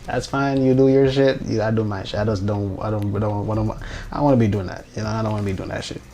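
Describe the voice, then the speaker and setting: A man's voice: on the low side, fairly even intonation, fast talker, warm tone, slight background noise. A man in a casual, rambling monologue who swears, restarts often and drops incredulous asides. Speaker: vlogger.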